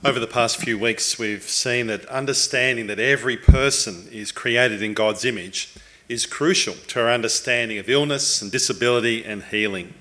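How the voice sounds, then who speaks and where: A man giving measured, explanatory sermon teaching as a preacher. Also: mid-range voice, fairly bright tone, slight background noise.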